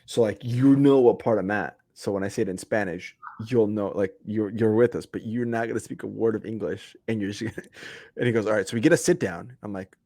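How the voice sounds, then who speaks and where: A man's voice: on the low side, brisk, warm tone, no room sound, clean studio sound. A man hosting a podcast, telling stories in a laid-back way and laughing as he goes. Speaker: podcast host. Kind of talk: casual storytelling chat.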